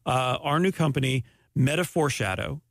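A man hosting a casual podcast chat, pitching absurd business ideas in a deadpan way. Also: moderate pace, creaky, no echo, clean studio sound. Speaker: podcast host.

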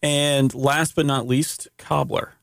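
A man with a gravelly, fry-edged voice at a middle pitch hosts a laid-back radio chat. He teases his guest with easy humor, close to a studio mic with a dry, dead sound. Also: little pitch movement, slow pace, no echo. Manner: easygoing, teasing, chatty. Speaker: radio show host. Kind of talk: casual radio interview chat. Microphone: studio microphone.

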